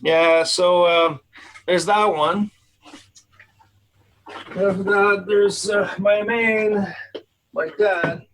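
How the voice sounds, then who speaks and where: A man's voice: high-pitched, fairly even intonation, extremely slow, pauses often, fairly bright tone, a little hiss or hum, poor audio. A man with a Quebec French accent, a guitarist guest on a video call interview, telling a story in a rambling way with many restarts. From Quebec, Canada.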